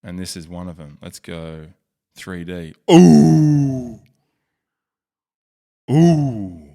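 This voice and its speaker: Australian male vlogger, low voice, jokey, self-mocking, off-the-cuff commentary. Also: flat delivery, unhurried, darkish tone, clean tone. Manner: joking, rambling, self-mocking. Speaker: YouTube host. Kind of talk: casual screen-share commentary.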